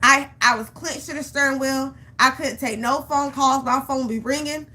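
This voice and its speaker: Woman vlogger, motivational chat, bright higher voice, acts out her stories. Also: normal speed. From Georgia, US. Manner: animated storytelling, acts out her own panic; repeats phrases for emphasis. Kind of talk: motivational vlog talk.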